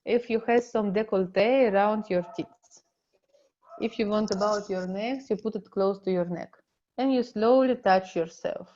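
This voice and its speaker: Russian-accented woman, middle-aged, relationship coach; halting non-native English, unhurried delivery, a bit dull-sounding webinar recording. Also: mid-range voice, dark tone. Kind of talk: online seminar teaching.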